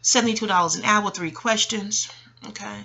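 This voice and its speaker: A middle-aged woman from Harlem, New York, an astrologer and host, delivers a rambling, profane monologue full of digressions and frequent laughter. Her voice is mid-range, pushed and bright, at a moderate pace.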